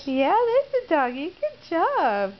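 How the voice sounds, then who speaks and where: A woman's voice: very high voice, huge pitch swings, slow, highs cut off, a little hiss or hum. Sing-song young mother coaxing a toddler. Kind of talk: home video baby talk. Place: family home.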